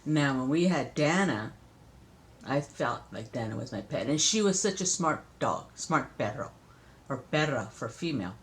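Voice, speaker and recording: An older grandmother from Southern California talks casually to a grandchild, playful and chatty with easy laughter. Her pitch moves around a lot as she explains things. It sounds like an informal home lesson. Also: animated, normal speed. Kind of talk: casual spoken lesson to a child.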